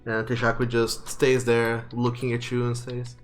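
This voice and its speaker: A man narrating as game master of a tabletop role-playing game, relaxed and full of fillers. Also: medium pitch, moderate pace, soft background music.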